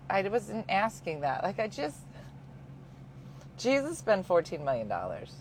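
A woman hosting a casual chat, telling a story in an animated way and acting out the voices of the people she quotes. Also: medium pitch, normal speed, a little hiss or hum.

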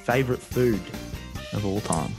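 A man's voice: on the low side, moderate pace, vocal fry, music in the background. A young man hosting a sports interview podcast, eager and agreeable as he asks questions. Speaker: podcast host. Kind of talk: casual interview chat.

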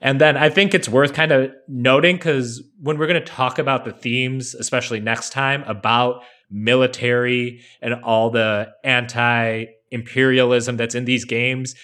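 A man's voice: medium pitch, a little slow, few pauses. A man co-hosting a podcast, talking casually and analytically with plenty of fillers. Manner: relaxed, explanatory, many fillers. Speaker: podcast co-host.

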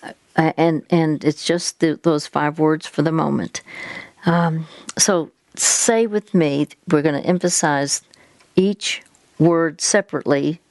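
A woman's voice: sits low, fairly even intonation, slow, a little mellow, no echo. A woman hosting an advice talk, patiently guiding a caller step by step. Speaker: host giving faith-based advice.

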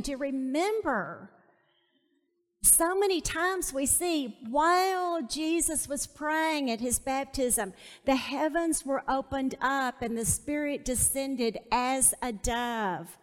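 A woman's voice: high voice, a little slow. A woman teaching a Bible study sermon, emphatic, repeating key phrases and asking her listeners to say them back to her. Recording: long hall reverb.

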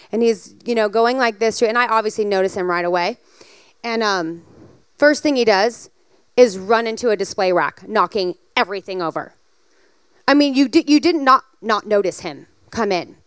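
A woman preaching a sermon, telling a personal story in a lively, animated way and building to emphatic exhortation. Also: mid-range voice, clear, resonant tone, no room sound.

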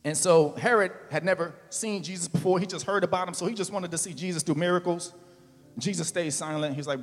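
High-voiced pastor preaching in a hall. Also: male voice, brisk. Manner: casual preaching with slang, rising to loud emphatic calls. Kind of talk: sermon.

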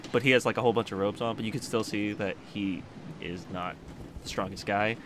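A man playing in a tabletop game, chatting casually, giggly and animated, over clear background noise. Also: on the low side, normal speed. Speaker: player.

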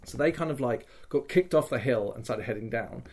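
A man in the middle of a loose, chatty podcast story, with a voice in an ordinary middle pitch. He talks in an animated way, drops in casual swearing, and keeps checking in with his listener with "okay?" between the beats. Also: fairly quick. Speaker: podcast host recounting a live-action role-play weekend.

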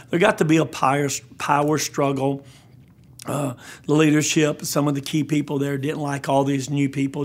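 An older man, a pastor telling a personal testimony in an interview, earnest and halting, often repeating his words. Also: medium pitch.

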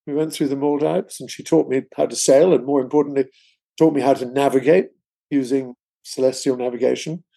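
A man's voice: medium pitch, fairly even intonation, fairly quick, vocal fry, warm tone. An older man, a guest author, telling a long anecdote in conversation, rambling with many asides. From England. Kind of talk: storytelling in conversation.

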